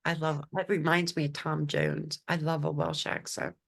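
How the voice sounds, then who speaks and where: Chatty woman host with a low voice. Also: little pitch movement, normal speed, vocal fry. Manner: chatty, searching for words mid-sentence. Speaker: podcast host. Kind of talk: casual chat.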